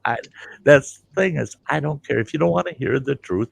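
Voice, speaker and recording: A man's voice: mid-range voice, animated, normal speed, gravelly, no room sound. An older man hosting a livestream, bluntly telling a story and acting out both sides of the argument. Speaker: livestream host. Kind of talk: casual storytelling.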